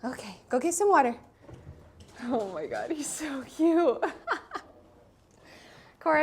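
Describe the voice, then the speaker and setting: This small business owner vlogs her day at home and out on a walk, chatting and cooing to her dogs through a small clip-on mic. Her voice is high-pitched and animated, but she speaks slowly with long pauses.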